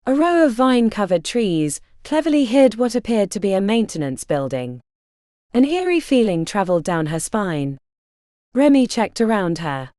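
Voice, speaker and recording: A woman narrating a fantasy audiobook in an expressive, dramatic reading style. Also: medium pitch, normal speed, no room sound, studio quality.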